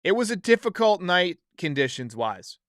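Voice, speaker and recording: A man's voice: sits high, very animated, normal speed, a bit bright, no room sound, clean studio sound. A man hosting a casual sports podcast, chatting and reading viewer comments aloud. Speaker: podcast host. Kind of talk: casual live-stream talk.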